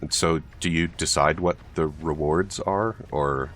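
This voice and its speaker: A man co-playing on a livestream, relaxed and practical as he directs the building. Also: a bass voice, unhurried. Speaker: guest co-player. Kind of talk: casual gaming livestream chat.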